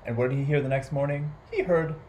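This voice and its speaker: A man reading a children's story aloud as a library storyteller, animated and playful, making animal and household sound effects. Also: on the high side, quick pace, a little hiss or hum, poor audio.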